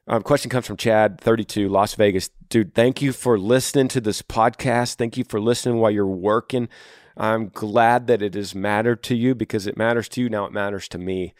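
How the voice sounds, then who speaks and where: A middle-aged man with a fairly low voice hosts his advice podcast, earnest and folksy, calling the listener brother and urging him on. He sits close to the mic in a dry, dead-sounding room. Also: fairly even intonation, fairly quick, dry recording. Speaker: podcast host. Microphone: close studio microphone.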